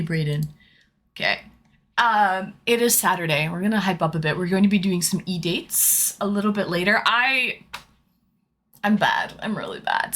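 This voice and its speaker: A woman's voice: medium pitch, pushed and bright. A young adult woman streamer chatting casually, greeting viewers by name and rambling between stories. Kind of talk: casual live-stream chat.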